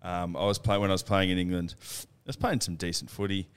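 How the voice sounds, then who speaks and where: A man's voice: low voice, steady tone, a little fast, clean tone. A man with an Australian accent telling a laughing, swear-filled rugby tour story on a casual podcast. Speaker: podcast co-host.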